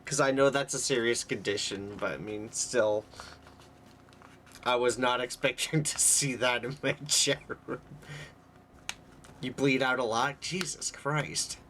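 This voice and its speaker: A man's voice: medium pitch, unhurried, long pauses, bright, forceful tone, slight background noise. A young man streaming live, chatting candidly and rambling with his viewers and laughing easily. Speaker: livestreamer. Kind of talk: casual live stream chat.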